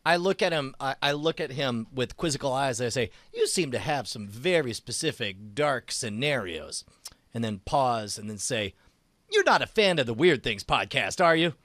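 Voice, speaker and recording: A man's voice: mid-range voice, animated, moderate pace, fairly bright tone, no room sound. A man playing a tabletop game in character, talking in a playful, goofy way with lots of hesitations. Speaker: player. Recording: dry.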